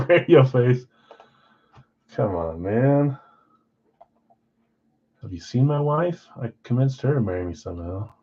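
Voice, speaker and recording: A man hosting a live card-break stream in casual chat, rattling off names and teams, swinging between loud calls and quiet asides. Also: mid-range voice, very animated, unhurried, long pauses, dull audio.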